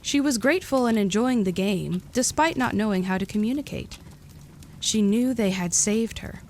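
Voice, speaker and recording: Woman calmly narrating a storybook. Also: mid-range voice, moderate pace, a little hiss or hum.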